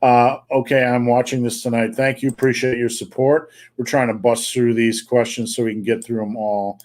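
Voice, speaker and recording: Speaking at a moderate pace in a level tone, this middle-aged podcast host has a mid-range, darkish voice and a faint Wisconsin accent. He fields viewer questions on a live show over a remote call, and he's blunt, jokey and profane.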